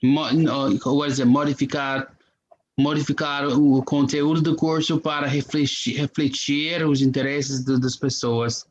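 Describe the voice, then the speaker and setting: A man's voice: mid-range voice, level tone, moderate pace, slight background noise. Man on a dull, lo-fi line. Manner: explains patiently, mixes in Portuguese words. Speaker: native-speaker conversation partner. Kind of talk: casual conversation.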